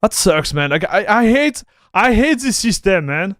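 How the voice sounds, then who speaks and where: A man, livestreaming and reacting to a video in excitable, slangy chat. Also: high voice, measured pace, dry recording, studio quality. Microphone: streaming desk mic.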